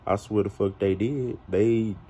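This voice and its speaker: A man's voice: lowish voice, fairly even intonation, a little slow, dark tone, breathy edge. A man telling gossip in a drawling, profane confessional as a player in a fan-made reality game roleplay. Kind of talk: confessional storytelling.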